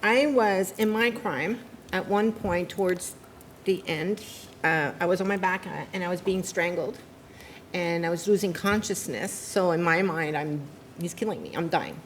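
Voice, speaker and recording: A woman's voice: lowish voice, a little slow, a little hiss or hum. Candid, wry woman telling her story. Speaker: panelist. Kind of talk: casual panel storytelling.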